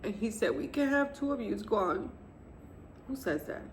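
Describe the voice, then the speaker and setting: A woman in her fifties, a grieving mother, telling the story of her son's death to camera in a soft, halting, tearful way. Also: mid-range voice, expressive, slight background noise. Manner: soft, halting, tearful retelling with quiet pauses. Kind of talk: emotional personal testimony to camera.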